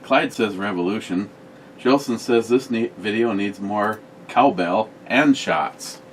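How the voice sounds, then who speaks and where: A man's voice: fairly low pitch, measured pace, far from the mic, slight background noise. A man co-hosting a casual home beer-review show, telling stories with crude jokes. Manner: crude joking, animated storytelling. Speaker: co-host of a beer review channel. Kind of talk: casual banter.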